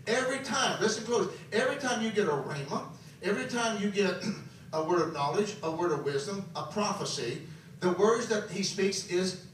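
High-voiced man preaching in echoey hall. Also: recorded from a distance, slight background noise. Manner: emphatic preaching with wide swings between soft and loud; repeats phrases for emphasis. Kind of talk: sermon.

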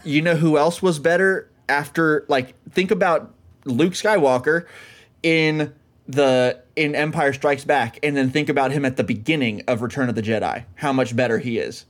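A podcast co-host chats casually and enthusiastically about films, frequently calling his friend "dude." His voice is on the high side and his pace moderate.

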